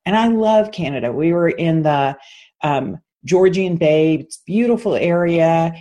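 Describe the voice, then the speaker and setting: A woman coach, a guest on an interview show, telling a story in an earnest, animated way. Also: on the low side, measured pace. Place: Austin.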